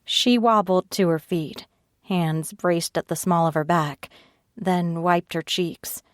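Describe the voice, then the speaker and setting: A woman narrating an audiobook in first person, reading at a slow, steady pace and raising her pitch for the other characters' lines. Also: no echo, clean studio sound. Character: tearful frightened young woman narrator, Ivy.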